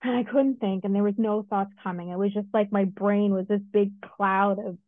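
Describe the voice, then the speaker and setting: A woman's voice: medium pitch, moderate pace, no echo. Woman telling a story over a tinny line. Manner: storytelling, animated retelling with many asides. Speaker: podcast co-host. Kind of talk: casual chat. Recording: dry, phone-like narrow sound.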